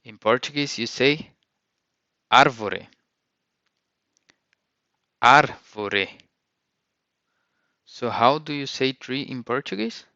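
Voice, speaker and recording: A man's voice: mid-range voice, moderate pace, few pauses, pushed and bright, dry recording, lo-fi sound. A man teaching a vocabulary lesson, saying each word and repeating it with careful pronunciation. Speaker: language teacher.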